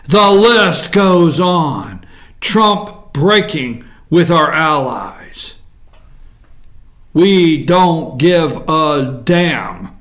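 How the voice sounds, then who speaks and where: A high-voiced man hosts a political commentary show. He is combative and repetitive, and often slows down to stretch words out in mockery. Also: fairly bright tone. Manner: combative, repetitive, drawn-out mocking emphasis. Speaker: talk show host.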